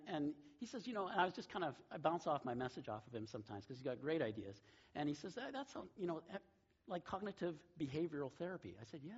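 Animated husky-voiced man preaching. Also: medium pitch, highs cut off. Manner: storytelling with lively voiced asides. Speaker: pastor. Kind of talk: sermon. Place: church sanctuary.

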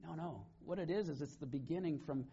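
A man's voice: on the high side, brisk, dark tone, husky, muffled recording. A middle-aged male pastor preaching in an earnest, conversational way. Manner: conversational, earnest, laughs between points. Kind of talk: sermon.

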